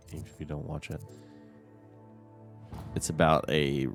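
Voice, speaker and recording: A man chatting casually while streaming a game, rambling between topics and laughing often. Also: very deep voice. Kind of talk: casual chat while gaming.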